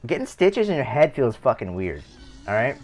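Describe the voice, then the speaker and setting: A man's voice: mid-range voice, big pitch swings, normal speed, a little mellow. A young man streaming live, telling a rambling personal story with heavy swearing and many restarts. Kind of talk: casual storytelling.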